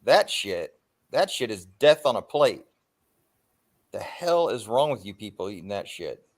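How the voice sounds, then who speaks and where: A man's voice: fairly low pitch, sing-song. Casual livestream host, male, loose and rambling, salty language, lots of ums and uhs. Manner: rambling, swears freely, frequent filler pauses.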